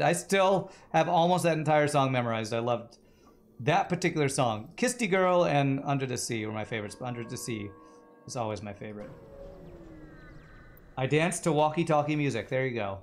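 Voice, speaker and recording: A man's voice: mid-range voice, lively intonation, normal speed, soft background music. A man streaming a game live, rambling and joking with frequent swearing. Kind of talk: live gaming commentary.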